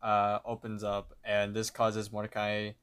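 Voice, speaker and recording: A man's voice: lowish voice, completely flat delivery, a little slow, a bit bright, smooth. A man co-hosting a podcast, casually retelling a cartoon episode over a voice call, with fillers and the odd laugh. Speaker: podcast co-host. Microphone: online voice call.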